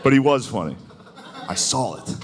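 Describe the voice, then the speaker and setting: Rambling stand-up comic, lively pitch. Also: male voice, a crowd in the background. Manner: loose, rambling delivery full of "like" and quick impressions. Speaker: stand-up comedian. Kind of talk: live stand-up set. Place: comedy club stage with laughing audience. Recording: live room with audible audience noise.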